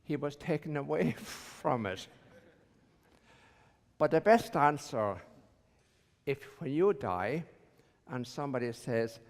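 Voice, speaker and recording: A priest preaches slowly, mixing dry humor into his homily and pausing often over his words. A long church reverb hangs on every phrase. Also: on the high side, lively intonation. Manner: wry, joke-telling, hesitant with fillers. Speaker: visiting priest. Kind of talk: sermon.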